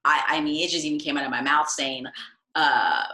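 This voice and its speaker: A middle-aged woman from the United States, chatting as an interview guest and telling stories, acting out quotes in lively voices. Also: low voice, brisk. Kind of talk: casual interview storytelling.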